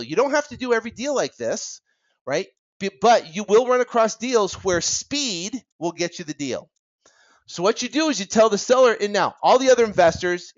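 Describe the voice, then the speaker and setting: A man teaching real estate investing in an energetic, worked-up way, acting out talks with sellers and tossing in "right?" asides. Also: sits high, lo-fi sound. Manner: fast, animated, acts out seller dialogue, many "right?" asides.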